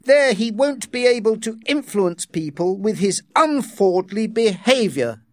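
A man's voice: high voice, sing-song, measured pace, dry recording, pitched above the performer's own voice. A man reading aloud voices a stern official who makes formal, accusing announcements in a raised voice. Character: stern male official, cold and commanding.

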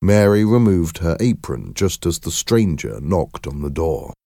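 A man narrating a story aloud in a measured, expressive reading. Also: low voice, gravelly, no echo, studio quality.

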